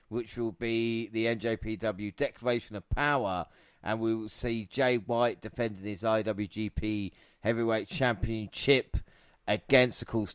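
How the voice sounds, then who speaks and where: A man's voice: mid-range voice, clean tone, no room sound. A man hosting a podcast in casual chat, joking, laughing and swearing freely. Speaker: podcast host.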